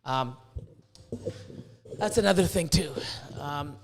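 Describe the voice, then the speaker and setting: A Canadian man hosting a podcast, ranting excitably with lots of swearing and stumbling restarts. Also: fairly high pitch, slow. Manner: profane, excitable, with many restarts. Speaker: podcast host. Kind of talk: casual podcast rant.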